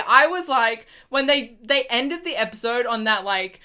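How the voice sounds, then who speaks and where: A woman's voice: on the high side, lively intonation, unhurried, bright, forceful tone, clear, resonant tone. A young woman, chatting casually about a TV episode in a review vlog, full of fillers and exasperated restarts. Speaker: TV review vlogger.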